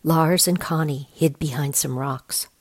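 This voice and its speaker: A woman reading a picture book aloud in a gentle, explanatory way, describing each picture. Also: low voice, steady tone, measured pace, no room sound. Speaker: storyteller.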